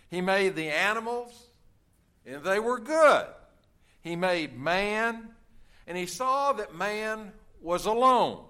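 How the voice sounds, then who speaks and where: A male pastor delivers his sermon in a bright, clear voice. He speaks slowly and deliberately, and keeps it folksy with jokes and frequent filler sounds. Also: sits high, lively intonation.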